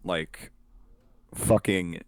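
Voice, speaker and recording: A man's voice: low voice, steady tone, drawn-out words, no echo. A young man co-hosting a podcast, talking in a rambling, casual way, full of swearing and fillers. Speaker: podcast co-host. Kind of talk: casual chat.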